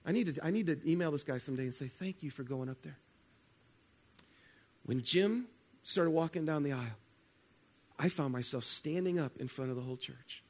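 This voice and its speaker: Earnest preacher man, slightly high voice. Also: expressive. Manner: earnest, shifts between loud emphasis and hushed, slowed phrases. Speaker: pastor. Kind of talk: sermon.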